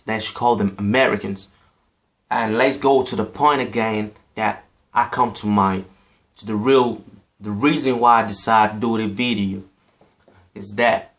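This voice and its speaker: African guy ranting to camera, kinda low voice, keeps saying you know. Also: fairly bright tone. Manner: repetitive, emphatic, fillers like "you know". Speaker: vlogger. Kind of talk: casual opinion monologue.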